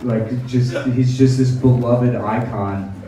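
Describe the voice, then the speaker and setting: A man doing a sardonic stand-up set on a club stage, tossing in quick mock voices. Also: mid-range voice, steady tone, dark tone. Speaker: stand-up comedian. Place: comedy club stage with audience laughing. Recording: echoey live room, heard from a distance, crowd laughter. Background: audience laughter.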